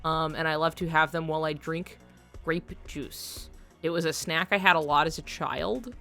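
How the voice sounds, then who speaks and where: A woman's voice: deep voice, steady tone, moderate pace, pushed and bright, faint music behind. Giggly rambling woman streamer. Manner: rambling, giggly, lots of fillers. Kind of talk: casual chat while gaming.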